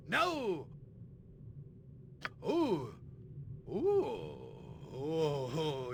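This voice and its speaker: A man's voice: sits high, gravelly, pushed and bright, a little hiss or hum, voice pushed up, full character voice. A man voicing a huge, brash male berserker warrior, reading game dialogue aloud with bombastic declarations.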